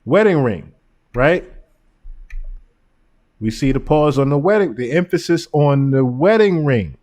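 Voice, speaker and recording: A man hosting a podcast, giving casual commentary and animated stories, often breaking into laughter. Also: on the high side, unhurried. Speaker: podcast host.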